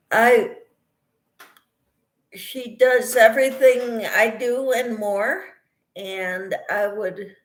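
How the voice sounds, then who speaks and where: Slow-talking woman chatting on a livestream. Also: on the high side, echoey room. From Kansas. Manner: chatty, greets viewers by name while cooking. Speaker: crochet channel host. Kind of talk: casual livestream chat with viewers. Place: home kitchen.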